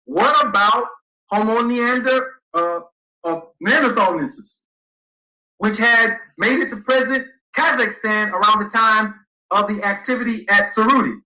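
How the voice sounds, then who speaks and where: A high-pitched man with a very bright, piercing voice lectures emphatically, reading passages aloud and pressing each point. He sounds roomy and echoey, and the stream audio is dull and lo-fi. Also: unhurried. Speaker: guest speaker. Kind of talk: livestream debate lecture.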